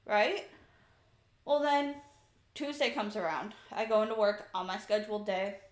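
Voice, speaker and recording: A woman streamer telling a story in a casual, exasperated, animated way from her room at home. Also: mid-range voice, a little slow, long pauses. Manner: chatty, exasperated, animated retelling. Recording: echoey room.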